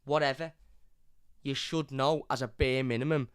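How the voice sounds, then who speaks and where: Young male fan host, exasperated live rant, clear smooth voice, dry close mic. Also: mid-range voice, steady tone, moderate pace, dry recording. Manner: frustrated, repetitive, swears often. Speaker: football fan channel host. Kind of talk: live match review rant.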